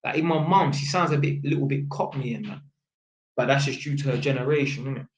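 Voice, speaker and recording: A man's voice: mid-range voice, quick pace, reverberant, slight background noise, low-quality recording. A young man with a London accent, telling a story to camera in casual street slang, with "innit" on almost every line, and acting out the voices of people he quotes. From England. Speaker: vlogger.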